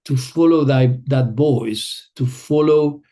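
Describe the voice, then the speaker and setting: A middle-aged man who is not an English speaker, teaching a yoga group in a relaxed way, telling a personal story and often searching for words. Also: medium pitch, slow pace. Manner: relaxed, searching for words, non-native phrasing.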